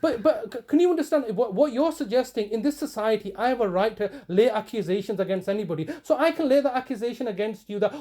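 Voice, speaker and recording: A man with a mellow, warm voice pressing his case with insistent repetition. He stumbles and restarts often but keeps pushing, and sits a little higher in pitch than most men. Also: animated, quick pace, few pauses. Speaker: campaigner confronting a solicitor on a call. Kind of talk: heated phone argument, then commentary to camera.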